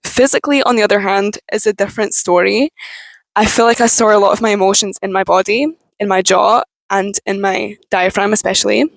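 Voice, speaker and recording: A young woman speaks to camera in a frank personal talk, cursing freely and breaking off mid-thought. Her voice sounds strained and tense, and it sits at an ordinary middle pitch. The sound is dry and close. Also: fairly even intonation, creaky, no room sound, rough recording. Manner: frank, swears freely, halting restarts. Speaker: vlogger.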